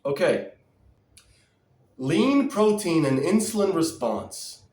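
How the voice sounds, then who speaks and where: A fired-up, sarcastic man rants to his viewers, swearing and mocking them in quoted voices. He speaks slowly and deliberately in a fairly high voice. He is picked up from a distance in a roomy, echoing space. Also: animated. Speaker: diet vlogger. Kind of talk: ranting to-camera vlog. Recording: roomy echo, distant from mic.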